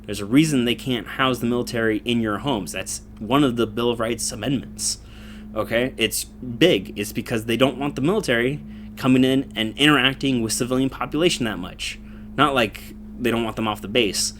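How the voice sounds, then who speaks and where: A man's voice: medium pitch, moderate pace, fairly bright tone, a little hiss or hum. A young man in a casual, profane political rant, rambling with lots of fillers and laughing between points. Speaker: commentator.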